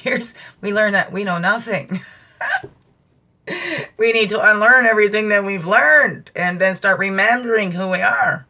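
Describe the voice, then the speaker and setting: A woman hosting a spiritual teaching talk, with a bright, clear voice. She muses and wanders between thoughts, stretching out key phrases slowly for emphasis. Her tone is earnest and unhurried. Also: medium pitch. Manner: meandering, reflective, musing asides. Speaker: host.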